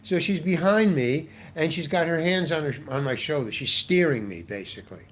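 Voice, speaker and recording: Rambling older actor telling a story. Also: male voice, on the high side, expressive, normal speed. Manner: rambling, with many restarts and repeated words. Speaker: guest actor. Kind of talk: anecdotal storytelling in an interview.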